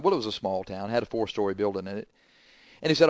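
A man preaching a sermon, scolding forcefully and swinging between loud emphasis and quiet asides. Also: lowish voice, lively intonation, fast talker, dry recording.

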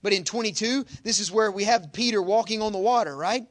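A man preaching a sermon in a folksy manner, reading scripture loudly and dropping to quiet asides. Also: high voice, fairly quick.

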